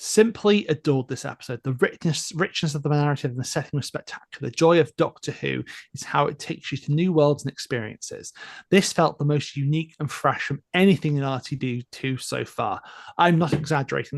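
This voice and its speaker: Chatty, enthusiastic podcast host. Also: male voice, on the high side, brisk, dry recording, studio quality. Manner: enthusiastic, chatty, laughs often. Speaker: podcast co-host reading listener emails. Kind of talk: casual podcast chat and reading aloud.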